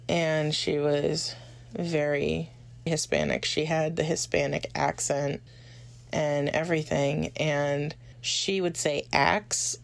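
Low, gravelly-voiced woman recounting memories. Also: no room sound. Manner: chatty, many "like" fillers. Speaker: interviewee.

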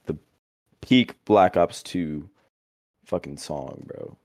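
Young male co-host, deep and animated, bursts of hype, dry close sound. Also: slow, no echo. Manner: animated, chanting, hype interjections. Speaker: podcast co-host. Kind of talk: casual chat.

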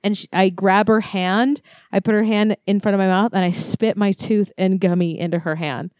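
A woman's voice: mid-range voice, fairly even intonation, normal speed, a little mellow, dry recording. A woman in her late twenties co-hosting a podcast, giggly and crude, telling dramatic stories. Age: late 20s. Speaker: podcast co-host. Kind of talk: casual chat.

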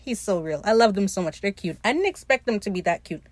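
A young woman hosting a podcast, recapping a TV episode in an animated, profane, teasing way. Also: mid-range voice, quick pace, dry recording. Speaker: podcast host.

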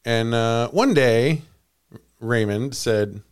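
A man's voice: medium pitch, extremely slow, clear, resonant tone. A man hosting a comedy podcast, telling a story in playful casual chat and laughing often. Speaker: podcast host.

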